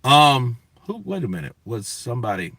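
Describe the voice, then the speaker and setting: A man's voice: mid-range voice, very animated, normal speed, gravelly, sharp tone, no echo. A man hosting a boxing news show, talking in a casual, profane, emphatic rant to his viewers. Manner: profane, emphatic, talks to chat.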